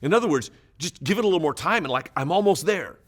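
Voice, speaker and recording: Male pastor, animated Bible teacher, pitch leaping up and down, emphatic with chuckles. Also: fast. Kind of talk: Bible teaching for small groups.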